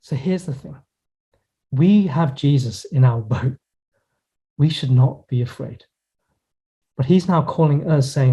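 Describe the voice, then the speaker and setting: A male pastor preaching a sermon in an earnest, reflective way, slowing down and pausing to stress key words. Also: mid-range voice, dark tone, slightly rough. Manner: earnest, reflective preaching with pauses and slowed emphasis. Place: church in Hong Kong.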